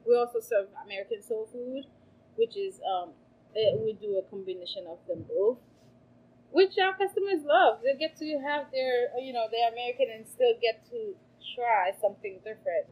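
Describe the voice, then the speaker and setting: Lively woman telling stories. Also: a little high, moderate pace, lo-fi sound. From Haiti. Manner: animated storyteller, laughs often. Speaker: restaurant owner, guest. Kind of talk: casual interview chat. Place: farmers market.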